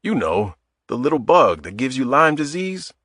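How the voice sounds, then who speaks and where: A man's voice: medium pitch, big pitch swings, normal speed, a bit bright, no room sound, studio quality, pitched above the performer's own voice. Man doing a wisecracking middle-aged guy. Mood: joking. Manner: wisecracking, easygoing. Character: mid-forties man, joking, sore, affectionate. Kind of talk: audiobook character voice.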